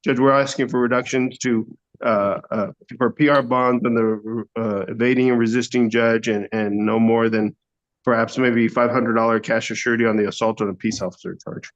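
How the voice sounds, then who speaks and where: A man arguing as court-appointed defense attorney in a courtroom, hesitant with many fillers and throat-clearing. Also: mid-range voice, little pitch movement, normal speed. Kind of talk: courtroom argument. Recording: dull lo-fi courtroom audio.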